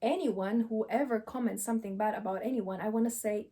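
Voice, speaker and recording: A woman coach speaks seated to camera, mellow and a touch high in pitch. She talks emphatically, hammering the same phrases again and again. She throws out rhetorical questions as she advises. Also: fairly quick. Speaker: relationship coach. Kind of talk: direct advice monologue to camera.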